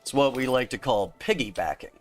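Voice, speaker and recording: Young man, game streamer, lively rambling chat, faint music behind. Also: mid-range voice, fairly quick. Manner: chatty, rambling, laughs often, talks to chat by name. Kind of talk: casual live-stream chat while playing.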